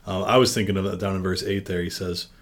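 A man with a very low voice leads a church devotion. He reads the passage with lifting emphasis, then talks it through in a loose, conversational way with small fillers. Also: steady tone, fast talker. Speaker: vicar leading a devotion. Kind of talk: Bible reading and devotional discussion.

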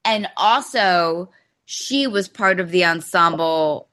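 A woman author speaking as a podcast guest, telling a story in a lively, amused way in casual conversation. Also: on the low side, takes it slowly. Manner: animated storytelling, amused by the anecdote. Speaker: novelist guest. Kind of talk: casual podcast interview chat.

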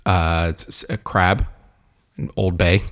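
A man's voice: deep voice, fairly even intonation, slow pace, a bit bright. A man co-hosting a podcast in casual chat, playful and joking, often laughing. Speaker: podcast co-host.

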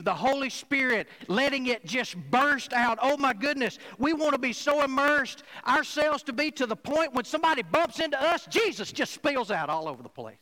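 A man preaching a sermon to a church, emphatic, swinging between loud and quiet passages. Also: very high-pitched, low-quality recording. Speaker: pastor.

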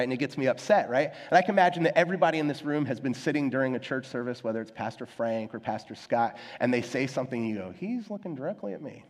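A young adult man delivers a sermon in a church sanctuary, his mid-pitched voice carrying a long hall reverb. He talks to the congregation conversationally and pokes fun at himself. He often acts out the voices of people in his stories. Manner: conversational and self-deprecating, acts out quoted voices. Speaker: pastor.

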